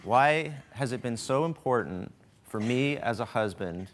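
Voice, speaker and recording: A man in his forties, a guest speaking casually on stage about supporting his wife, easygoing and joking, with thoughtful pauses. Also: mid-range voice, expressive, a little hiss or hum. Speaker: host's husband, guest. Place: studio stage with live audience.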